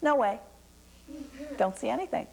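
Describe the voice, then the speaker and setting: A woman voicing a quiet, shy little female bush deer in a told folktale, calm and dryly unimpressed. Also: a little high, moderate pace, gravelly, pitched above the performer's own voice. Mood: deadpan.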